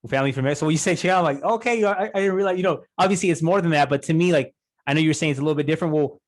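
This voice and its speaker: A man's voice: a little high, steady tone. A man hosting a podcast, chatting casually with his guest and filling his talk with "you know" and "like". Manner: quick, chatty, many fillers. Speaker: podcast host. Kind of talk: casual interview chat.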